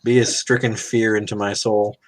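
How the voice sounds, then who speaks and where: A man's voice: on the low side, flat delivery, normal speed. A man chatting casually while building, joking and rambling, a little self-conscious about what he says.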